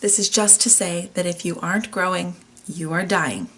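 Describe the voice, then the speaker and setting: A woman's voice: fairly low pitch, normal speed, fairly bright tone. Chatty woman podcast host. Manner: candid, chatty and playful, with mild swearing. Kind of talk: casual motivational monologue.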